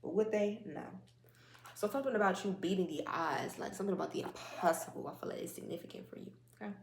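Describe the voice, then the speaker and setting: A woman's voice: medium pitch, quick pace. A woman giving a casual spiritual oracle card reading in a rambling, conversational way, with many fillers and asides. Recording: echoey room, faint noise.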